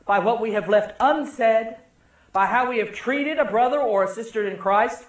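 A man's voice: high-pitched, normal speed, echoey room. A man preaching a sermon as a pastor in a church, with dramatic delivery and emphatic repetition.

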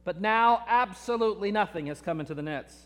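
A man's voice: high-pitched, animated, fairly quick, long reverb tail. A man preaching a sermon, telling stories in an earnest way and often repeating his words. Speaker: pastor.

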